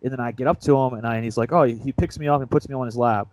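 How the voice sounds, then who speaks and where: A man's voice: medium pitch, rapid-fire, a little mellow, no echo, poor audio. A young man co-hosting a casual sports podcast, retelling a story in a rambling, self-mocking way. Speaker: podcast co-host.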